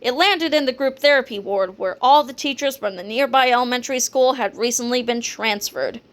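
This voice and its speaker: Woman reader, children's book, playful narration, slightly high voice. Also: fairly quick. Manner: playful, lively storytelling. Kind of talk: children's book read-aloud.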